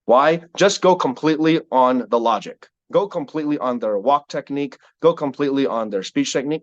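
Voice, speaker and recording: A man leading a sales team call, giving an energetic motivational talk with a repetitive, preacher-like cadence. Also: on the high side, brisk, dry recording, highs cut off.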